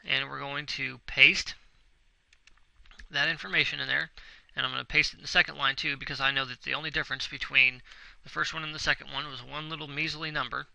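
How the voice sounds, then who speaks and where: A young man narrating a screen tutorial in a casual, reassuring way, checking in again and again. His voice is very bright and has a gravelly fry. The sound is dry, close to the mic. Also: mid-range voice, steady tone, a little fast, dry recording, low-quality recording. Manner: casual, reassuring, repeats himself often with "okay?". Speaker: web tutorial instructor. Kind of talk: screen-recorded tutorial walkthrough.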